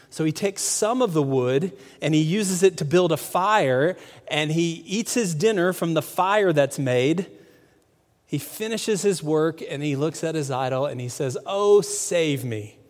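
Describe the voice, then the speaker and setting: Male pastor, fairly high voice, conversational sermon delivery with rhetorical questions, reverberant church sound. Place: church sanctuary. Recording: long hall reverb.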